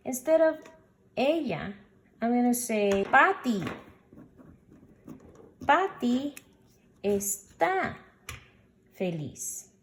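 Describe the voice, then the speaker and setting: A woman's voice: a little high, very animated, very slow, pauses often, a little hiss or hum. A woman teaching a recorded Spanish grammar lesson, patiently explaining and sounding out example words.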